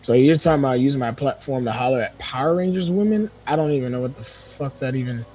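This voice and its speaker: A young man guesting on a podcast gets heated and indignant in casual talk, swearing and firing off rhetorical questions. His voice is medium-pitched, fast and warm.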